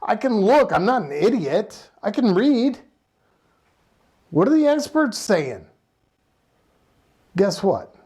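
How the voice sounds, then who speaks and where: Lively, sarcastic ranting vlogger. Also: medium pitch, takes it slowly, pauses often, breathy edge. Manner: passionate, sarcastic, rhetorical questions. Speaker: economic commentator. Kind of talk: casual opinion vlog rant.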